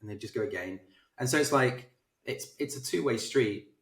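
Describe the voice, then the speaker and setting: A man's voice: medium pitch, moderate pace, far from the mic. Man telling stories in an echoey room. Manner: animated anecdotal, self-deprecating. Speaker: film director, interview guest. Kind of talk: casual interview storytelling. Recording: roomy echo.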